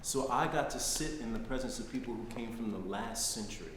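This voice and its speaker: A man's voice: medium pitch, brisk. Man lecturing in an echoey hall. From United States. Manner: conversational, frequent "right?" tags. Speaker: guest lecturer. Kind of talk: personal storytelling lecture. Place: lecture hall, live audience. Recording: echoey hall, faint noise.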